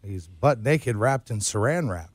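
A man's voice: fairly low pitch, animated, unhurried, no room sound. Dry-miked man trading radio jokes. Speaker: radio show host. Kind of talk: joke-telling morning radio banter. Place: radio studio. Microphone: studio microphone.

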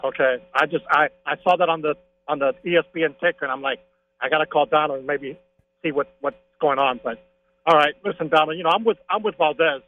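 A high-pitched male caller comes through a tinny phone line. He rants with excitement about his team, stacking opinions and asides in casual call-in chat. His tone stays chatty and insistent. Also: quick pace. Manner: excitable, opinionated sports fan.

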